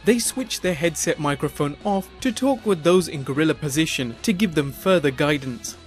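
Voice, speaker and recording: A man narrates a numbered countdown in a steady, explanatory voice-over. His voice sits a little higher than average. Faint music plays quietly beneath him. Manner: measured, reads numbered entries in an even explanatory tone. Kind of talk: scripted narration.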